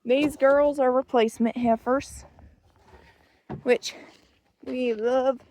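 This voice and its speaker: A woman's voice: sits high, fairly even intonation, slow, darkish tone, slight background noise. A young woman chatting casually outdoors on a ranch while doing chores, rambling and joking about herself into a handheld phone. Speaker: ranch vlogger.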